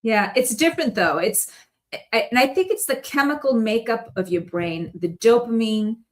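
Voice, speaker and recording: A woman guest telling stories in a casual chat, rambling and animated and laughing often. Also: on the high side, moderate pace.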